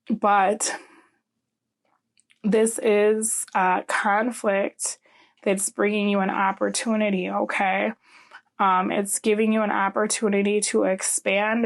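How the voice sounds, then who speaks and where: A woman's voice: mid-range voice, gravelly. A woman giving a casual tarot reading, chatty, often ending her points with "okay?". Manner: chatty, frequent "um" and "okay?" tags. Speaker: tarot reader.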